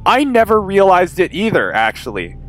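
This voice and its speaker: Man, young, high voice, excitable, sweary, gameplay commentary. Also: soft background music. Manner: excitable, sweary, quick swings between yelling and muttering. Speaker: gaming video creator. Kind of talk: let's-play commentary.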